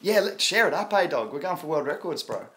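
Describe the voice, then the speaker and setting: A man's voice: a little high, very animated, brisk, sharp tone. A man in his thirties with an Australian accent, hosting a casual live stream and chatting loosely with viewers. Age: 30s. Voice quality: laid-back, slangy, frequent laughs. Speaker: crypto livestream host.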